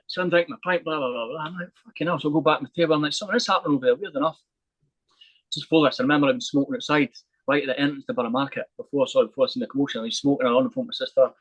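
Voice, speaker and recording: Young man, rapid storytelling, swears a lot, dry close sound. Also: mid-range voice, no room sound, poor audio. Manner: swears freely, vivid and animated retelling. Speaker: podcast guest. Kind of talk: storytelling in a casual interview.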